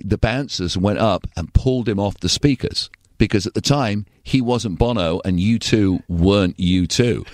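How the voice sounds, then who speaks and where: Deep-voiced English man telling anecdotes. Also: dry recording, studio quality. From England. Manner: animated anecdotes, acts out quoted voices. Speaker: guest, radio and TV personality. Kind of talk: storytelling in a podcast interview.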